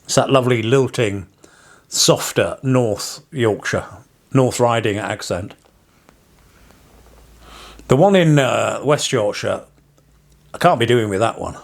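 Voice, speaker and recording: An English parson chats casually to his viewers, drifting from one story to the next. His wry asides often end in a chuckle. His voice sits at an ordinary middle pitch. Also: slow, vocal fry, long pauses. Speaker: parson and vlogger. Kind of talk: casual rambling vlog monologue.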